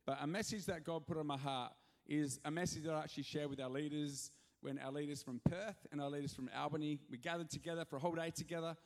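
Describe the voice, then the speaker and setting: A male pastor giving an animated, joking sermon with sudden loud rises in a church hall. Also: on the high side, fast talker, hardly any pauses. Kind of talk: energetic sermon.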